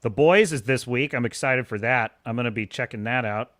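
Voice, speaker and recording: A man's voice: medium pitch, fairly even intonation, fairly quick, bright, forceful tone, dry recording, clean studio sound. A young man ranting scornfully during a live stream, often breaking into laughter as he reacts to reviews.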